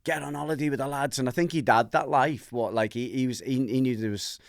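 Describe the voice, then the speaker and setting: A host from Merseyside, telling a candid personal story on a podcast and acting out the voices in it. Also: male voice, mid-range voice, fast talker, gravelly, dry recording, studio quality. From Merseyside, England. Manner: animated, acts out voices in his anecdotes.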